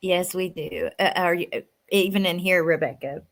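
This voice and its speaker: A woman hosting a live stream, chatting casually and emotionally as she answers viewer comments, sometimes sinking to a soft near-whisper. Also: on the low side, slow pace, long pauses. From West Virginia. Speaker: livestream host.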